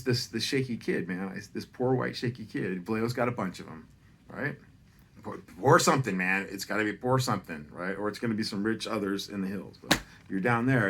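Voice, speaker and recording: A man's voice: on the low side, a bit bright, a little hiss or hum. A middle-aged man telling a holiday story in a rambling, profane, self-deprecating way, often drifting off on tangents.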